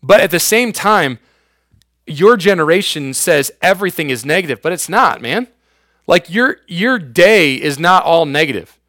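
A man's voice: fairly high pitch, lively intonation, moderate pace, fairly bright tone, no echo, clean studio sound. A man in his thirties preaching a youth sermon as youth pastor, casual and slangy, with everyday asides to his listeners.

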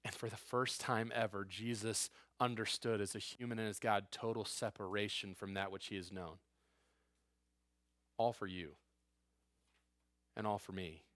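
A man's voice: on the low side, steady tone, normal speed, pauses often, fairly bright tone, no echo, clean studio sound. A man preaching a conversational sermon as a pastor, earnest and emphatic with informal asides.

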